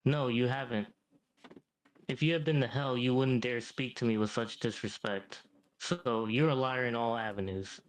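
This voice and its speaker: A boastful, ancient devil, voiced by a male AI that talks down to everyone with cocky calm and keeps tossing in "mate". His pitch sits right in the middle, neither deep nor high, and his tone stays even. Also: normal speed, close to an everyday voice, poor audio. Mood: smug. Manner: smug, says "mate" a lot. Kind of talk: AI chatbot role-play.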